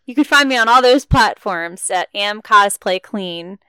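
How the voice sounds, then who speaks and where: Giggly slow-talking woman. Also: medium pitch, lively intonation, pushed and bright, smooth, dry recording. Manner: giggly, swears in surprise. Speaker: podcast guest player. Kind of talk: casual chat.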